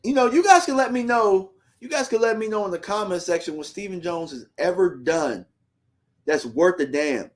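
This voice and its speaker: A man's voice: high-pitched, lively intonation, normal speed. A man hosting a fan livestream, ranting heatedly in slangy casual talk and reading out viewer comments.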